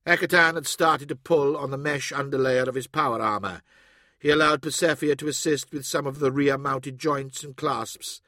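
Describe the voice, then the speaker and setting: A man reading an audiobook in steady, even scripted narration. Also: mid-range voice, normal speed, dry recording, clean studio sound.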